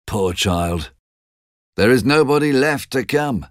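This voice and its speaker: A man's voice: medium pitch, expressive, takes it slowly, no room sound, studio quality, voice pushed up. A man voicing a plain-spoken soldier who speaks with pity in a storybook reading. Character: gruff adult male soldier, kindly.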